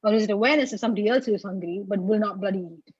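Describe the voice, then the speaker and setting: A woman guest in a casual conversation, talking in animated storytelling bursts full of "like", heard over a video call. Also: mid-range voice, racing, breathy edge, dry recording. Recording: dull, dry, lo-fi sound.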